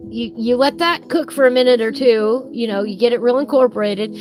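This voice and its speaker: A woman's voice: on the high side, a little fast, a little mellow, faint music behind. Folksy woman chatting while coloring. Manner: folksy, rambling, talks while working. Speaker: live coloring streamer. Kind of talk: chatty live stream talk while coloring. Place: home.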